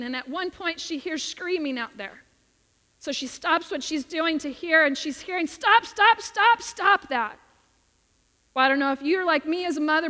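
A woman's voice: high voice, fairly bright tone. A woman preaching a sermon with an earnest, emphatic delivery in a church sanctuary. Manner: earnest, emphatic, acts out quoted voices. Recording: long hall reverb.

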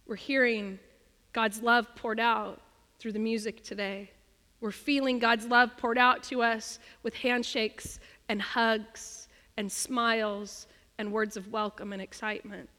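A woman pastor delivers a sermon in a high, bright voice, telling an animated, self-deprecating story. Her voice rings with the long reverb of a church hall. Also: measured pace.

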